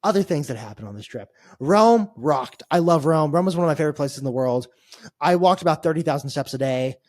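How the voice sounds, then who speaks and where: A man's voice: a little high, animated, brisk, no room sound, studio quality. A man co-hosting a podcast, telling a long travel story in a rambling, wry, exasperated way. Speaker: podcast co-host. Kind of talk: casual chat.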